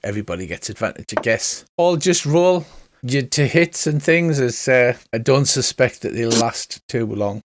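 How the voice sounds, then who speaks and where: A man's voice: medium pitch, lively intonation, moderate pace, no echo. A man narrating as game master of a tabletop game, chatty and laughing often.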